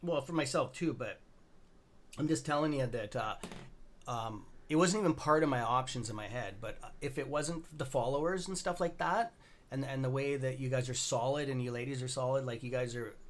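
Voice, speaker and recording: A man's voice: mid-range voice, moderate pace. A middle-aged Canadian man hosting a stock trading livestream, rambling loosely and greeting viewers by name in a friendly, casual way.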